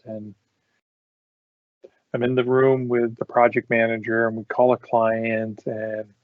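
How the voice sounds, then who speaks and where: On a dull, dry lo-fi recording with no echo, a medium-pitched man hosting a podcast casually swaps work stories and frequently laughs.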